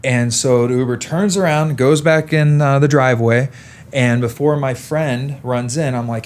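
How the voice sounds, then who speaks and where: A young adult man hosting a podcast interview, telling anecdotes in an animated, casual way. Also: medium pitch, moderate pace. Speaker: podcast host.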